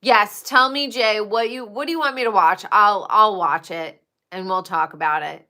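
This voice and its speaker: A woman's voice: medium pitch, moderate pace, pushed and bright. A woman livestreaming, chatting casually and gossiping with her viewers and swearing freely.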